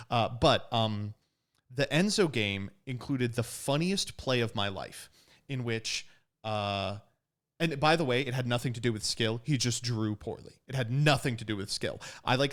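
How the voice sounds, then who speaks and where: A young man casually recounting a tournament, acting out what people said and laughing often. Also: medium pitch. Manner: animated, laughs often, acts out quotes. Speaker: podcast host recapping a card tournament. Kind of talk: casual storytelling recap.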